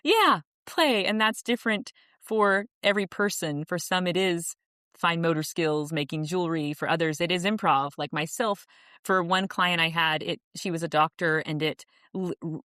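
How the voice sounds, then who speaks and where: A woman with a fairly low voice talks through ideas on a podcast, earnest and reflective, often restarting her sentences. The sound is dry and close, with no room around it. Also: normal speed, fairly bright tone, no room sound. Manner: earnest and reflective, many restarts, laughs easily. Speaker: podcast guest, author and coach. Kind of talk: casual interview conversation.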